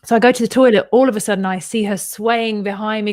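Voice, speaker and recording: A woman's voice: medium pitch, fairly quick, few pauses, no room sound, clean studio sound. A woman co-hosting a podcast, telling a long story in casual chat and acting out the voices of the people in it. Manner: animated storyteller, acts out quoted voices. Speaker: podcast co-host.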